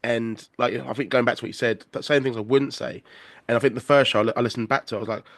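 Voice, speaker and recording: A man hosting a podcast, asking questions in relaxed conversation. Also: mid-range voice, quick pace, no echo. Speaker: podcast host. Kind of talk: casual interview talk.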